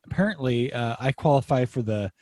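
Male podcast co-host, 40s, animated and wisecracking, dry sound. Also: medium pitch, fairly quick, dry recording. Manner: joking, swears casually. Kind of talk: casual chat.

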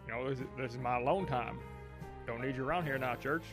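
A man voicing a grumpy man who gruffly tells his cat to leave him alone, with piano behind. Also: mid-range voice, fast talker, close to an everyday voice. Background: piano music.

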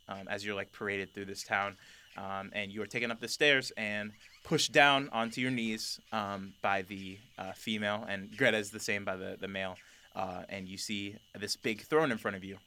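Guy game master narrating a tabletop game, bright voice, lots of ums. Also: on the low side. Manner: rambling with many fillers.

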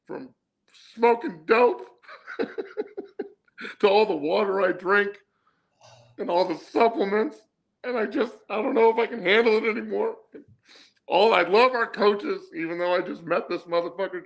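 A man's voice: high voice, voice pushed up. A man mocking a whiny, crying male football quarterback with exaggerated wailing complaints. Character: sobbing, whiny male pro quarterback mocked.

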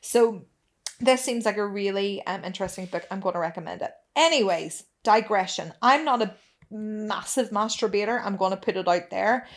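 A woman's voice: mid-range voice, normal speed. Woman co-host, frank and chatty, swears casually. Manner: candid, chatty, swears freely. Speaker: podcast co-host. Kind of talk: frank casual podcast chat.

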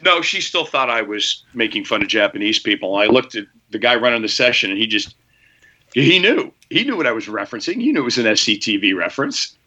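A man's voice: mid-range voice, a little fast, dull audio. A man who works as an actor, telling a story in casual chat. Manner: storytelling, animated.

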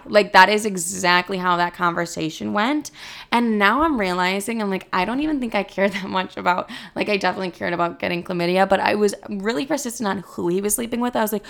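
A young woman telling a personal story in a blunt, profane, animated way, acting out both sides of conversations. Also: medium pitch, fast, gravelly. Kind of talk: casual storytelling monologue.

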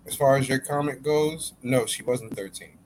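A man's voice: medium pitch, normal speed, darkish tone, a little hiss or hum. A man co-hosting a podcast in casual chat, blunt, profane and emphatic. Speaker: podcast co-host.

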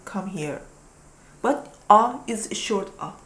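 Persian-accented woman, halting and laughing. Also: mid-range voice, animated, a bit bright, echoey room. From Iran. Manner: halting, searching for words, laughs often. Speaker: interview guest. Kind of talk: casual conversation.

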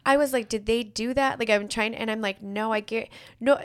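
A woman's voice: on the high side, moderate pace. A middle-aged woman co-hosting a podcast, chatting casually and telling stories with sarcastic humor and acted-out quotes. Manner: sarcastic, animated storytelling with quoted voices. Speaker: podcast co-host. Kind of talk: casual chat.

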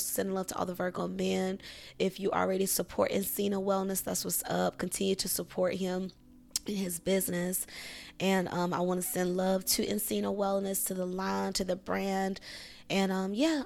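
A woman hosting her own podcast in a loose, casual chat, her voice gravelly with vocal fry. She talks straight to her listeners in slang, raw and frustrated, close to tears and sighing often. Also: medium pitch. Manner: emotional, frustrated and near tears, sighing and cursing; slang-heavy, addresses listeners as "you guys" and "y'all". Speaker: podcast host.

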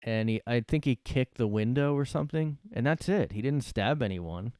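A man's voice: medium pitch, normal speed, darkish tone, no room sound, clean studio sound. A man hosting a solo podcast from his room, ranting sarcastically and swearing a lot. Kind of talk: casual ranting monologue.

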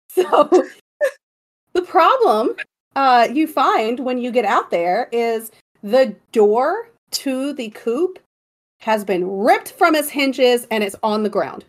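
This podcast co-host spins a casual story with giggly, animated energy, taking it slowly and pausing often. Her pitch sits fairly high and swoops around constantly, and she gives her partner directions with a playful bossiness.

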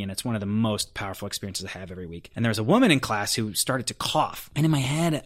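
A man's voice: mid-range voice, animated, quick pace, hardly any pauses, fairly bright tone. A man as an interview guest, talking in an earnest, reflective way and telling stories about himself with some self-deprecating humor. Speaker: podcast guest. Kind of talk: conversational interview.

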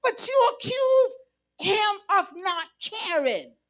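Woman preacher, very high voice, slow unhurried delivery, sermon. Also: very animated. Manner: preaching, rising to shouts.

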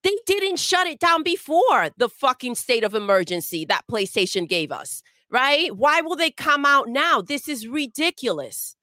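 A woman's voice: high-pitched, big pitch swings, normal speed, few pauses, bright, forceful tone, no room sound, clean studio sound. A woman co-hosting a livestream show, emphatic and exasperated in casual chat. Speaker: co-host.

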